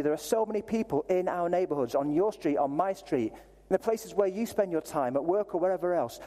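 A man preaching a sermon in a lively, conversational way, with self-deprecating asides. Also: on the high side. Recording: reverberant hall sound.

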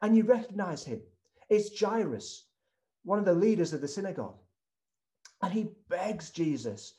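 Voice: medium pitch, big pitch swings, moderate pace, long pauses, dark tone. A preacher giving a sermon as a vivid retelling that addresses the listeners directly.

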